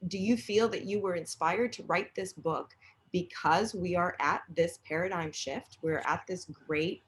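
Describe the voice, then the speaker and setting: Slow, gentle female interviewer. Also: lowish voice, a little hiss or hum. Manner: gentle, reflective questioning. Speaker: interview host. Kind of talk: interview questions.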